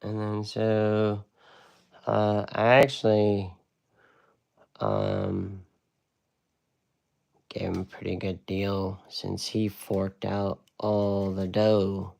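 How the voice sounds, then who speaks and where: A man's voice: lowish voice, drawn-out words, vocal fry, long pauses, darkish tone. A man teaching a casual live watercolor lesson, chatty and rambling with laid-back slang. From United States.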